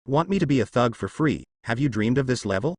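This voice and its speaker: A man's voice: mid-range voice, husky, no room sound, clean studio sound. A male synthetic voice as a cold young swordsman. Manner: calm, cold, measured.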